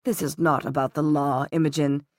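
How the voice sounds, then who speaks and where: A woman voicing a ruthless middle-aged male villain who speaks in a calm, cutting, measured way. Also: sits low, no echo, clean studio sound, voice pushed down, natural voice. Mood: cold disdain.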